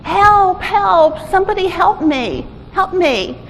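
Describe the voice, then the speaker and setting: A woman's voice: extremely high pitch, lively intonation, takes it slowly, gravelly, fairly bright tone, voice pushed up, full character voice. A desperate young man stuck at the bottom of a hole calls for help in a raised, pleading voice, as a woman acts him out. His cries ring through a reverberant hall over faint noise.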